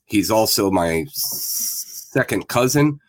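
A man's voice: lowish voice, expressive, takes it slowly, no room sound. A man in his fifties, a guest telling a candid personal story in a plain-spoken, reflective way. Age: 50s.

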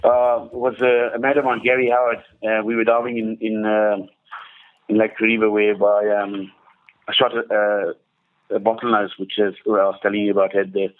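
A man guest telling stories in casual chat, halting with many restarts and fillers. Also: lowish voice, phone-quality sound. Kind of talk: casual storytelling.

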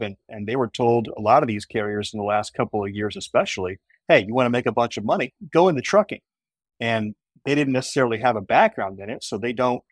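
A man's voice: medium pitch, no room sound, studio quality. A man who is a guest on a podcast, explaining his business in an earnest, agreeable way. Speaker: guest, company co-founder. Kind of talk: casual podcast conversation.

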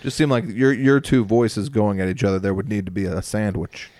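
A man with a fairly low voice co-hosts a comedy podcast, wry and measured as he teases his partner. The sound is close and dry. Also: steady tone, a little mellow, no room sound. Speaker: podcast co-host, TV show runner. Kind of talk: casual comedy podcast chat.

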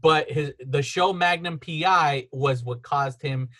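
A man's voice: a little high, fairly bright tone. A man hosting a casual podcast chat at home, rambling through film trivia and laughing often. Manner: rambling, storytelling with quick laughs. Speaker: podcast host.

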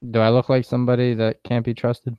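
A man trades dry, quick-witted jokes in casual, profane chat. His voice is smooth and clean. The sound is dry and a little dull. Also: medium pitch, completely flat delivery, no room sound.

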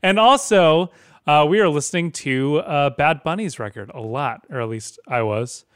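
Laid-back man with a smooth voice. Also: on the high side, animated, moderate pace, no echo, studio quality. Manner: laid-back, jokey, sarcastic asides. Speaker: podcast co-host. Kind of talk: casual chat.

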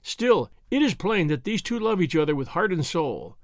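Grave, righteous older father, played by a man, measured and solemn, animated pitch. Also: dry recording, clean studio sound.

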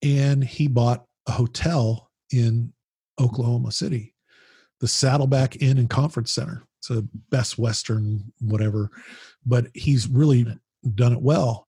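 A man being interviewed as a podcast guest, telling animated, rambling stories with frequent restarts and the odd swear. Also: mid-range voice, a little slow, breathy edge, no echo, clean studio sound. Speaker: podcast guest, founder of a business mastermind group. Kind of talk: casual storytelling conversation.

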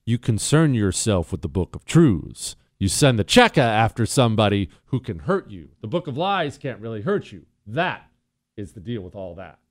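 A man's voice: lowish voice, very animated, moderate pace. A man hosting a call-in radio talk show, brash and joking as he talks.

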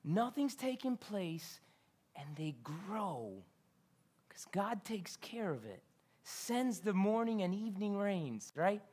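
A woman preaching a sermon to a congregation. She is conversational, asks the listeners questions, and swings between loud scripture reading and quiet asides. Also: medium pitch, expressive, a little slow. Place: church.

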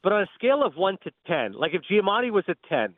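A man from Canada rattles off excitable anecdotes at a breakneck clip in a high, lively voice. He comes through a tinny, phone-like line with a dry sound. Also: no room sound. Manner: excitable, rapid-fire anecdotes. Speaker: guest sports and film broadcaster. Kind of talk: animated radio storytelling.

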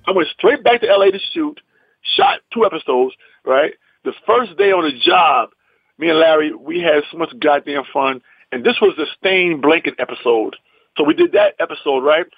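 A man's voice: a little high, normal speed, gravelly, slightly rough, no room sound, narrow, tinny audio, faint music behind. A male comedian from the US East Coast telling an anecdote in punchy bursts, often tossing in "man". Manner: animated, punchy, repeats "man". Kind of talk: storytelling anecdote.

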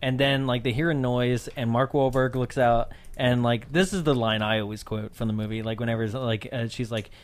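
A podcast co-host who recaps a movie with animated storytelling and frequent laughs. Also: mid-range voice, brisk, hardly any pauses. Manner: animated storyteller, laughs often, acts out lines. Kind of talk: casual movie-recap chat.

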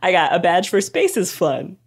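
A woman with a slightly low voice co-hosts a podcast in loose, casual chat. She is playful and teasing and laughs easily. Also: sing-song, normal speed, breathy edge. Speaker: podcast co-host. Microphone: studio mic.

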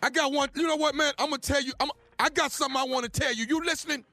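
Brief: an indignant radio prankster, a high and bright man who stammers as he confronts someone. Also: steady tone, racing, dry recording, soft background music. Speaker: radio show regular and prank caller. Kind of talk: prank phone call.

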